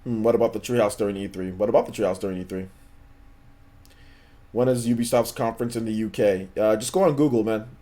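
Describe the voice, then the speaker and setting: A man's voice: fairly low pitch, fast, mellow. A man hosting a gaming livestream in casual chat, laid-back and slangy, often repeating himself while answering viewers. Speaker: livestream host.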